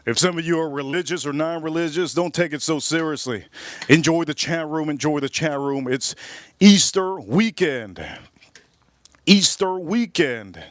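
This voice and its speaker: A man hosting a casual livestream while grilling, rambling and repeating himself, with sudden loud bursts of emphasis. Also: fairly high pitch, steady tone, fairly quick. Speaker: livestream host.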